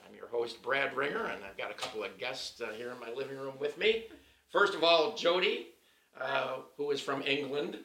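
A man hosts a casual faith podcast with a gravelly, bright voice. He banters playfully and laughs easily. He was recorded in a living room, a little off the mic, so the sound is roomy. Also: medium pitch, normal speed, distant mic. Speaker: podcast host. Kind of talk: casual chat.

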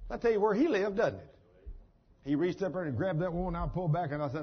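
A man's voice: high voice, quick pace, breathy edge, highs cut off. A man preaching a sermon in a folksy, emphatic storytelling manner.

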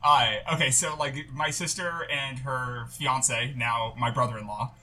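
A young male podcast co-host with a husky, pushed edge to his voice. He tells a long story in a loose, chatty way, full of "like" and "uh". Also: medium pitch, fairly even intonation, measured pace, sharp tone. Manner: rambling storytelling, many fillers. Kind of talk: casual chat.

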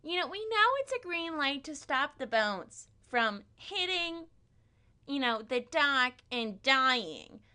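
A woman impersonating her high school English teacher: an earnest, lecturing voice pushed up high and strained. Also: very animated, takes it slowly, pushed and bright, exaggerated voice. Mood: grandiose.

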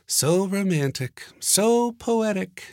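A man's voice: sits high, sing-song, measured pace, fairly bright tone, dry recording, voice pushed up, exaggerated voice. A man voicing a cool, sarcastic young woman mathematician who teases dryly and stays unbothered. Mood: mocking. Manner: dry, teasing, unbothered.

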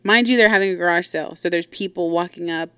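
A woman's voice: lowish voice, fast talker, a bit bright, clear, resonant tone, no echo. A woman host telling a personal story casually, blunt and profane, with lots of asides. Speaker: podcast host.

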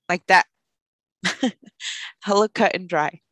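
A young woman podcast host telling a personal story in a casual, animated way, with lots of "like". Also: lowish voice, normal speed, dry recording. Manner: animated, fills speech with "like", acts out quoted voices.

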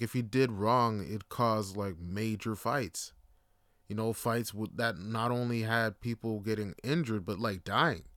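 A man hosting a solo podcast, rambling in a casual, profane, jokey way and slipping into quick impressions. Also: mid-range voice, fairly bright tone, no echo, clean studio sound. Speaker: podcast host.

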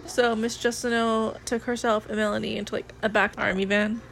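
A woman's voice: on the high side, flat delivery, fairly quick, creaky, a bit bright. A young woman co-hosting a casual movie podcast on a phone mic at home, self-deprecating and swearing, with many fillers. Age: young adult. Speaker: podcast co-host. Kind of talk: casual chat.

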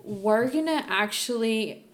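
A young woman co-hosting a podcast, telling stories in casual chat, animated and full of profanity. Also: fairly high pitch, slow pace. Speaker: podcast co-host.

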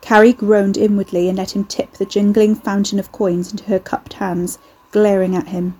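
A woman reading a novel aloud in steady scripted narration. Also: mid-range voice, moderate pace, breathy edge, poor audio. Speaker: audiobook narrator.

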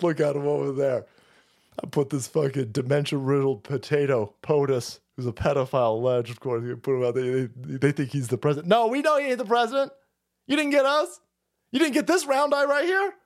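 A man's voice: a little high, fairly quick, gravelly. A man hosting a livestream, ranting about politics in a profane, rambling way and laughing often. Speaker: livestream host.

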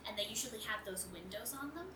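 A woman's voice: on the high side, lively intonation, quick pace. A woman narrating a tabletop game as game master, rambling with many fillers. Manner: rambling, filler-heavy, laughs often. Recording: roomy distant noisy home recording.

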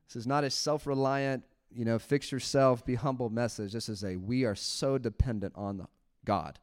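A man preaching a sermon in church, animated, laughing often and acting out little quotes. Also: mid-range voice, normal speed. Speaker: pastor.

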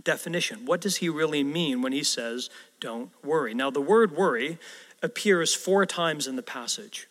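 A man's voice: fairly high pitch, a bit bright. A male pastor preaching a sermon in a conversational way, putting rhetorical questions to the congregation. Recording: long reverb of a large hall.

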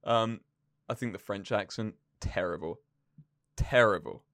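A young man co-hosting a casual podcast, animated and self-mocking as he tells stories. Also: on the low side, moderate pace, no echo, studio quality. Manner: animated, self-mocking, does silly voices. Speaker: podcast co-host. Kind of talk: casual chat.

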